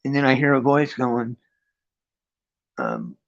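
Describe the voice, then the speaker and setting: A man casually telling a personal spiritual story on a livestream, rambling with restarts and profanity, pausing to read and greet his chat. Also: medium pitch, huge pitch swings, gravelly, dull audio. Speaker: livestream host. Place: his friend's home.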